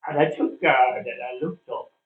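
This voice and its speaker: An older man from Ireland, a former cricketer, reminiscing in a casual interview, telling his stories with plenty of "uh" pauses. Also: mid-range voice. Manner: chatty storyteller with frequent "uh" pauses. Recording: distant, phone-like, roomy sound.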